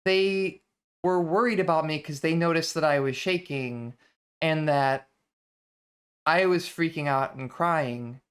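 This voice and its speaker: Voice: mid-range voice, measured pace, a bit bright, clean tone. Reflective vtuber musing on a book. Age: adult. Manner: thoughtful, conversational, with frequent restarts. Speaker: vtuber hosting a book reading series. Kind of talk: casual reflective lecture stream.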